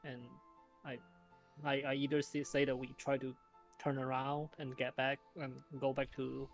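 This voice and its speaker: A man's voice: mid-range voice, completely flat delivery, normal speed, faint music behind. A man playing in a tabletop game, chatting casually and rambling with restarts. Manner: rambling, self-correcting. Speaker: player.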